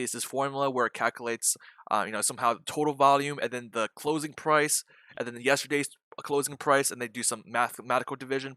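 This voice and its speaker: A man's voice: medium pitch, bright, forceful tone, dry recording. A man hosting a live day trading stream, joking, rambling and swearing freely as he explains charts to viewers. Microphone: desk microphone.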